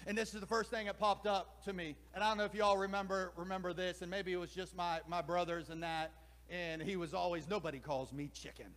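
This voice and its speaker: A man in his forties preaching a sermon, reading a story slowly and emphatically and then rambling in asides. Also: sits high, little pitch movement, fairly bright tone. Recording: long hall reverb.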